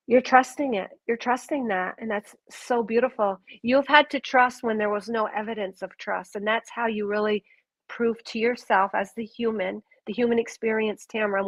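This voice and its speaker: A woman's voice: medium pitch, no room sound. A woman giving a live intuitive reading to a viewer, earnest and gushing, rambling through restarts. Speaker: intuitive reader.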